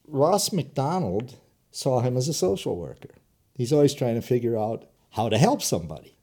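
A former private investigator tells blunt stories with animated energy. His voice is mellow and dark, and it bounces widely in pitch. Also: moderate pace. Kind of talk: casual interview talk.

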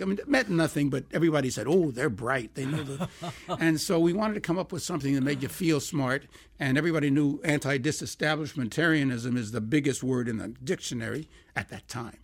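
An older man, a songwriter being interviewed, telling lively anecdotes, acting out quoted dialogue and laughing as he goes. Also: a little high, brisk, gravelly. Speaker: songwriter guest.

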